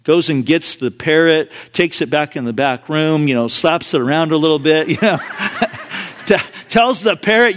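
A man's voice: fairly high pitch, moderate pace. A male pastor preaching a sermon in a conversational, storytelling way with frequent casual asides.

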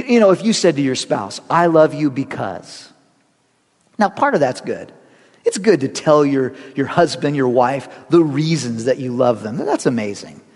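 Animated male pastor preaching in a reverberant hall. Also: high voice. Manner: animated, conversational preaching with self-deprecating humor. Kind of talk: sermon. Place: church sanctuary.

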